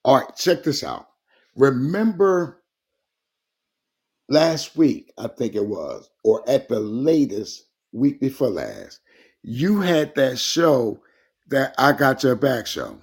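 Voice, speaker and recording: A man's voice: medium pitch, sing-song, slow pace, breathy edge. A man co-hosting a casual talk show, speaking bluntly in a folksy, colloquial way. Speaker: co-host.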